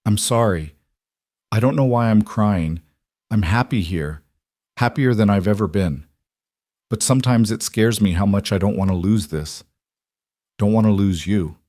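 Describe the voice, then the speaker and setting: A man voicing an earnest, quick-minded young frontier woman in a storybook reading. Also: lowish voice, darkish tone, dry recording, studio quality, close to an everyday voice. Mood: tearful.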